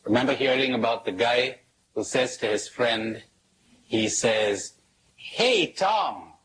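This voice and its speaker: A man's voice: medium pitch, fairly even intonation, a little slow, background noise. A man leading a spiritual workshop, asking questions aloud and telling jokes in acted voices. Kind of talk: live workshop talk.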